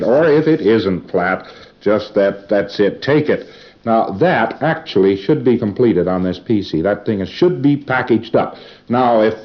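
Male lecturer, mid-pitched, folksy and rambling, old dull recording. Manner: rambling, folksy, with asides and chuckles. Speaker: lecturer reviewing students' work. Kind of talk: informal lecture to a class.

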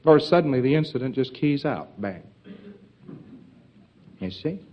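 A man lectures in a folksy, emphatic manner, tossing off joking asides as he goes. His pitch sits right in the middle for a man. The sound is dull and lo-fi, like an old archival tape. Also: animated, measured pace. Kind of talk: informal lecture to trainees.

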